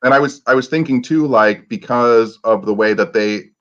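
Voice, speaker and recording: A man's voice: medium pitch, normal speed, fairly bright tone. A man co-hosting a casual chat, musing and telling a strange story. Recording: dull lo-fi sound.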